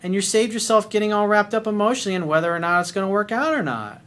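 Profane middle-aged male dating coach, blunt and animated, fairly high voice. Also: quick pace. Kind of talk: advice monologue.

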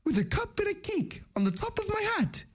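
Very high, excitable plumber hero. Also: male voice, a little fast, heavily acted. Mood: gleeful.

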